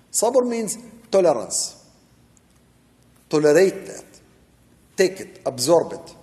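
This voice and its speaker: A man with a fairly high, warm and mellow voice gives a religious lecture. He recites short Arabic verses, then explains them in English, circling back to his key points. His voice rings out with a long reverb, as if in a large hall. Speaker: sheikh teaching Quran commentary.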